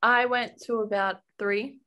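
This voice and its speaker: A woman's voice: fairly high pitch, fairly even intonation, measured pace, pushed and bright. Chatty young Australian woman. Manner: chatty, laughs often, says "like" a lot. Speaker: college basketball guard. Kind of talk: casual interview chat.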